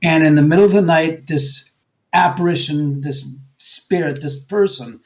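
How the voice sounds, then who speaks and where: Animated New York man telling a story. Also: fairly high pitch, moderate pace. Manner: animated, acts out quoted voices. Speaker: guest, homeowner and author. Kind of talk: casual storytelling interview.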